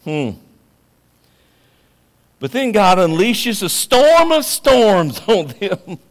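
A man preaching a sermon, swinging from hushed, slow lines to loud, emphatic ones. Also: sits high, big pitch swings, in a large hall.

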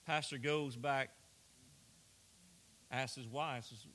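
Pastor, male, middle-aged; earnest sermon delivery, hushed then rising; bright tone. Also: on the high side, moderate pace, a little hiss or hum. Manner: earnest preaching, swings between hushed and raised.

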